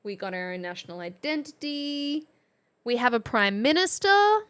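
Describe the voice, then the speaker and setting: A woman's voice: a little high, lively intonation, moderate pace, a bit bright, clean tone. An Australian woman streamer giving a casual history lesson, chatty and playful and often laughing.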